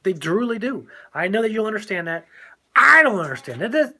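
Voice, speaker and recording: A man's voice: high-pitched, big pitch swings, a little fast, pushed and bright. An older man co-hosting a casual talk show, speaking in a preachy, emphatic way and laughing often. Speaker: co-host.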